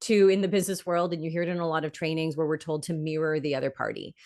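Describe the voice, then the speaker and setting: Low-voiced woman explaining with emphasis. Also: steady tone, fast, darkish tone. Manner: emphatic, explains with acted example questions. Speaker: negotiation expert guest. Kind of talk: conversational interview.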